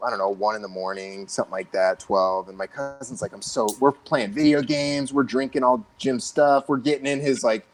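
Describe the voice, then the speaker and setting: A man's voice: medium pitch, sing-song, a little fast, vocal fry, few pauses. Brash, swearing man telling a story. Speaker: panel guest. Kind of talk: casual storytelling chat.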